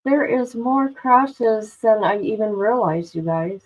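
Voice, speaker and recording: A woman's voice: mid-range voice, animated, takes it slowly, lo-fi sound. A woman hosting a casual livestream, dramatic and exclamatory, talking to herself and her chat. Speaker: livestream host. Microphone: no headphones, device mic.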